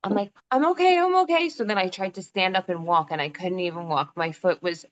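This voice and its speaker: A woman's voice: fairly low pitch, a little fast. A woman in her thirties, a podcast co-host, telling stories in casual chat and laughing often as she talks. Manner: animated storyteller, laughs often while talking. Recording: slightly dull lo-fi sound.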